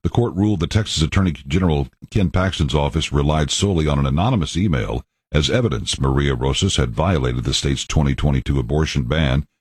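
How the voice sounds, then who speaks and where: Male radio anchor with an extremely low, husky voice; dry, matter-of-fact news read. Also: a little fast, few pauses, a little mellow, no room sound. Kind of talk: scripted news reading.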